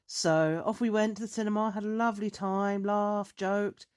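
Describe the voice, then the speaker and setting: A woman on a podcast, casually chatting and telling a story with lively, animated delivery. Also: medium pitch, normal speed, clear, resonant tone. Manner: animated storyteller, acts out dialogue in raised voice. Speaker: podcast co-host.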